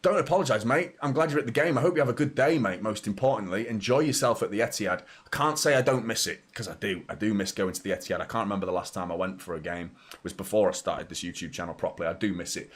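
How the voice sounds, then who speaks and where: A man's voice: lowish voice, quick pace. A young man hosting a football watchalong live stream, chatting casually, reading out viewer comments and often stumbling over his words. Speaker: football channel host.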